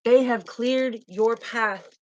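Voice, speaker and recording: A woman's voice: on the high side, fairly even intonation, takes it slowly, darkish tone, dull audio. A woman giving a spiritual tarot reading in a fervent, emotive way, often repeating herself. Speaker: tarot reader.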